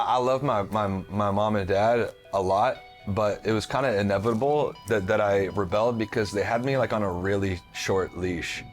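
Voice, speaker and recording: A man telling stories in a casual interview, loose and slangy. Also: fairly low pitch. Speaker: interviewee in a comedy news segment.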